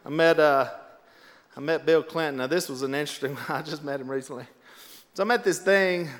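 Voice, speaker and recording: Animated man telling stories onstage. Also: on the high side, brisk, long reverb tail. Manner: animated, laughs through his own punchlines. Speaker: storyteller. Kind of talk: comedic storytelling to a live audience.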